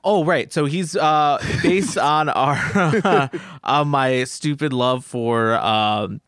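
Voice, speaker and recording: A man's voice: a little high, drawn-out words, a bit bright, dry recording, clean studio sound. A man, a tabletop game player, casually explaining his character, sheepish and laughing as he talks. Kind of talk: casual chat introducing a character.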